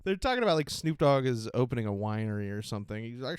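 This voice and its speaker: A man's voice: mid-range voice, sing-song, fast talker, few pauses, smooth, no echo, clean studio sound. A man hosting his podcast in casual chat, rambling, swearing and laughing often. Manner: giggly, profane, rambling with frequent laughter. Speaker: podcast host.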